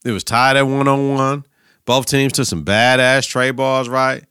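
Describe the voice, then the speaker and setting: Bright-voiced, profane podcast host. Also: male voice, mid-range voice, measured pace, clean tone, no echo, studio quality. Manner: profane, slangy, animated riffing. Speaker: podcast host, teacher and coach. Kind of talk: casual solo sports podcast.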